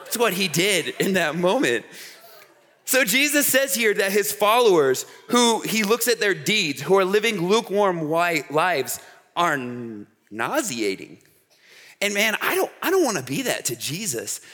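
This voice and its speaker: Male youth preacher, high bright voice, animated storyteller, long hall reverb. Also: a little slow. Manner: animated storytelling with frequent "okay?" asides. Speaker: camp speaker. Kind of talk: youth sermon. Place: large hall with an audience.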